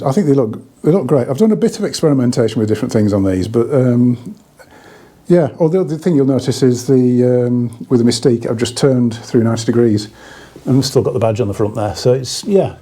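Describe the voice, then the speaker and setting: Chatty hi-fi dealer, husky and mellow, breathless, rambling. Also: male voice, medium pitch, expressive, brisk. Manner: rambling, chatty, many restarts. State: slightly out of breath. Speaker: hi-fi dealer reviewing products. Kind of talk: casual product review.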